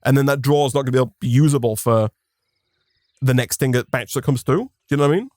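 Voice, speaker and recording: A man's voice: medium pitch, fairly even intonation, quick pace, a little mellow, dry recording. A man co-hosting a gaming stream, explaining mechanics in casual chat with a dry, teasing wit. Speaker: co-host of a gaming channel.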